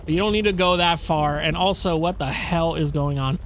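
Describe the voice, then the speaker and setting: A man's voice: fairly high pitch, a little fast, a bit bright, slight background noise. A young man commentating casually on a horror game, rambling, laughing and swearing. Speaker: let's play host.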